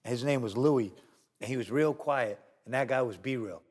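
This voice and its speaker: A man's voice: medium pitch, normal speed. A middle-aged man from New York, telling a wild story as an interview guest, profane and acting out the voices of others. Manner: animated, profane, acts out cops' voices.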